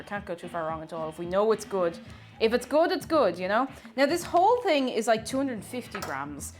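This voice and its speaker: An Irish woman streaming live as she bakes in her home kitchen, chatting casually, repeating herself and greeting viewers by name. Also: fairly high pitch. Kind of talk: casual live-stream chat while baking. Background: faint music played from her phone.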